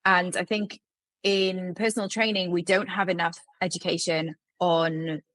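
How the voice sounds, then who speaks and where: A woman's voice: lowish voice, little pitch movement, unhurried, a bit bright, dry recording, poor audio. A woman in her forties, a health consultant speaking as a podcast guest in a direct, frank way and laughing easily. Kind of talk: conversational interview.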